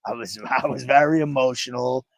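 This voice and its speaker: A man's voice: medium pitch, level tone, fairly quick, gravelly, no room sound. A man co-hosting a casual chat show, telling stories and sharing life lessons with frequent swearing. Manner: profane, storytelling, reflective. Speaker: podcast co-host.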